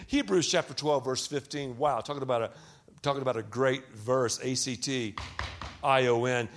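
Animated, joking male preacher. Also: mid-range voice, a little slow. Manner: animated, joking, addresses the congregation directly. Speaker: pastor. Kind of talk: sermon.

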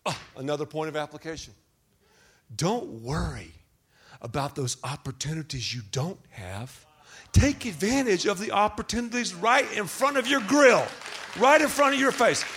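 Animated, joking male preacher. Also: high voice, moderate pace, slightly rough, some chatter behind. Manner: animated, joking, addresses the congregation directly. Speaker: pastor. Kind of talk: sermon.

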